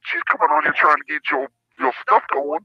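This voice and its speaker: Man doing a belligerent old grandmother, raspy, a bit high, threatening, comic call-in bit, muffled phone sound. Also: animated, brisk, dry recording. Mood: hostile. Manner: brash, threatening, crude insults. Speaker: prank caller.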